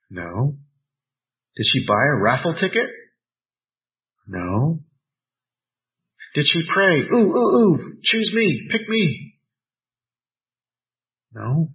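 A man preaching a sermon, reading scripture aloud and adding playful personal asides in a measured, deliberate way. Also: on the high side, vocal fry, lo-fi sound. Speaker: pastor.

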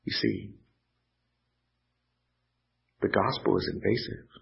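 A man preaching a sermon, earnest and pausing, lifting his voice when he quotes scripture. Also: on the low side, fairly even intonation, creaky. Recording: dull lo-fi sound.

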